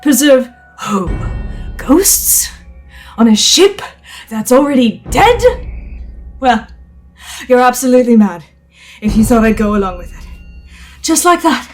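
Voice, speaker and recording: A woman's voice: a little high, big pitch swings, measured pace, long pauses, faint music behind, pitched above the performer's own voice. A woman doing a frantic defiant young man. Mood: scornful.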